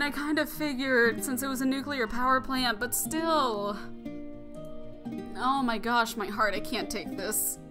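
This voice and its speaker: A woman's voice: on the high side, measured pace. Gushing, emotional young woman gamer. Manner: expressive, gushing reactions. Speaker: let's play host. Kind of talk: emotional gameplay commentary. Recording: music playing underneath.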